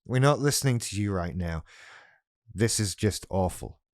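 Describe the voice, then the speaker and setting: Man acting a whiny inner voice, sulky, self-pitying, low-pitched, dry sound. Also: animated, moderate pace, no echo.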